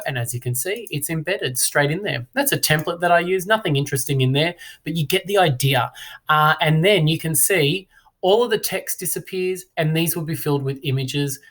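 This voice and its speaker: A man, a teacher talking through a screen-recorded software tutorial in a relaxed, chatty way with many fillers. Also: a little high. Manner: relaxed, chatty, frequent "uh" and "now".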